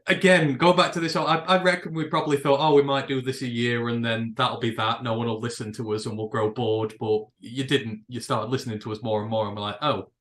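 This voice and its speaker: English bloke rambling on a podcast, keeps repeating himself, roomy echo on the voice. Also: male voice, mid-range voice, fairly even intonation, brisk, hardly any pauses, a bit bright. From England. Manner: rambling, repeats words while finding his point, jokey. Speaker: podcast co-host. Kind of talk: casual podcast chat.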